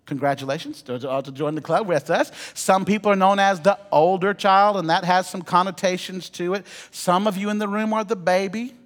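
A pastor preaching in a church, his voice pitched high for a man. He tells stories with humor and speaks to the congregation directly. The sound carries a long church-hall reverb. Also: a little fast, hardly any pauses. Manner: storytelling, humorous asides to the congregation. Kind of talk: sermon. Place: church sanctuary.

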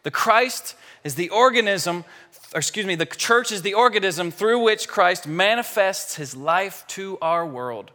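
Bright-voiced man preaching in a church. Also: high voice, measured pace. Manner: lively, joking with the congregation. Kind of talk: sermon. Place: large church sanctuary. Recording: church hall reverb.

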